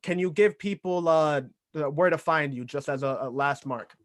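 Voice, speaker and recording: A man's voice: fairly high pitch, moderate pace. A man hosting a podcast, effusive in his praise and often stumbling and correcting himself mid-sentence. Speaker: podcast host. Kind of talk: casual interview chat.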